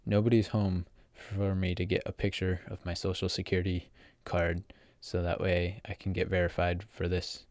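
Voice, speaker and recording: A deep-voiced teenage man tells his story in a loose, casual vlog style. He rambles, piles up fillers and corrects himself mid-sentence. The sound is dry and close, with no room around it. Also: darkish tone, no room sound. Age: teens. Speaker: vlogger.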